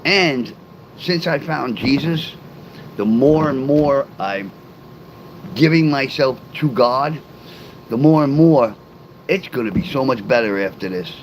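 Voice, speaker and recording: Middle-aged man, livestream host, loose rambling delivery, answers his chat out loud, faint hum underneath. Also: mid-range voice, lively intonation, takes it slowly, pauses often, poor audio. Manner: rambling, talks straight to chat viewers; reads and answers live comments aloud.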